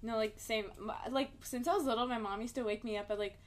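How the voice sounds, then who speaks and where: A woman's voice: on the high side, fairly even intonation, fast. A young woman hosting a casual podcast, asking bubbly, giggly questions. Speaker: podcast host. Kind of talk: casual chat.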